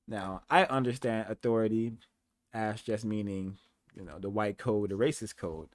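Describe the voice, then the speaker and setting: A man's voice: lowish voice, a little slow, dry recording. A man hosting a commentary program, speaking in an earnest, emphatic way. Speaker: host.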